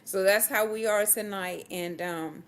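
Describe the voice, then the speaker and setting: A woman with a Southern US accent hosting a relaxed, upbeat live-stream chat. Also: mid-range voice. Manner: relaxed and upbeat, slow-paced. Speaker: host.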